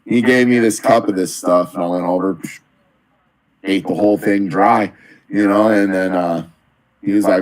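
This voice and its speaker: A man's voice: low-pitched, fairly even intonation, normal speed. A man co-hosting a casual live stream, telling stories in an easygoing way. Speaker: co-host of a toy live stream.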